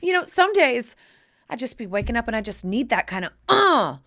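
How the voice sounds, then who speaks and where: A woman's voice: on the high side, sing-song, moderate pace, a bit bright. A woman in her forties hosting her own podcast, talking in a sassy, theatrical way and calling the listener "honey". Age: 40s. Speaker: podcast host. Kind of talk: casual solo podcast monologue.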